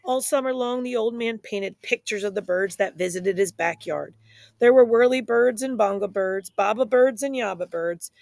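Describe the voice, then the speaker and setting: A woman reading a children's picture book aloud in a playful, expressive way, speaking straight to young listeners. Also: mid-range voice, normal speed, creaky, no room sound. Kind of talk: children's story read-aloud.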